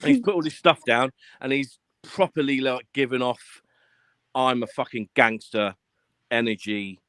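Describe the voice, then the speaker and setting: A man telling stories in a casual live-stream chat, animated and full of swearing, acting out what people said. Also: medium pitch, moderate pace, no room sound. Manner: animated storyteller, swears a lot, acts out quotes.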